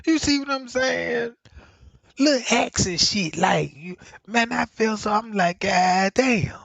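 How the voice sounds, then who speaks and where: A male vlogger telling stories in a casual monologue, swinging between low muttering and loud exclamations, with frequent profanity and filler phrases. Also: a little slow, gravelly, no room sound. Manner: peppers talk with profanity and "you know what I'm saying". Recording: slightly muffled, dry sound.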